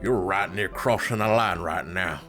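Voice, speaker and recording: A man voicing a deep, sneering saloon bully. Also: moderate pace, over music, lightly acted. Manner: sneering and aggressive.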